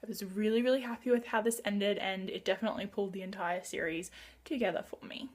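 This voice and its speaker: A woman chatting excitedly through a casual book wrap-up vlog, gushing and chatty. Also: medium pitch, quick pace. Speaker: book vlogger.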